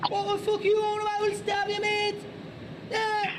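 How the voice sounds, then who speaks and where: A man voicing a rowdy Liverpool hooligan with an exaggerated put-on Scouse accent, shouting threats. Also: extremely high pitch, completely flat delivery, moderate pace, a crowd in the background, voice pushed up.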